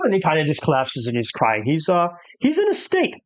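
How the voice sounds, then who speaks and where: A game master lays out a tabletop horror scene in halting narration. The speech is full of fillers and hesitations, and the voice rises and falls widely at a middle pitch. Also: wildly swooping pitch.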